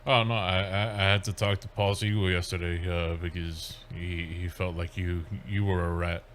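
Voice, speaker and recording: Man, low pitch, laid-back host, faint background noise. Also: flat delivery, normal speed, fairly bright tone. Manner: laid-back, steering the show along. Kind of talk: livestream talk show banter.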